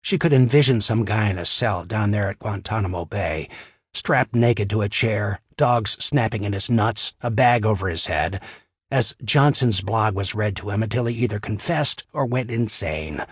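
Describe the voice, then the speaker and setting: A man narrating a crime novel in a steady, wry storytelling manner on a close studio mic. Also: fairly low pitch, moderate pace, breathy edge, no room sound. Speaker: audiobook narrator. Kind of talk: scripted narration.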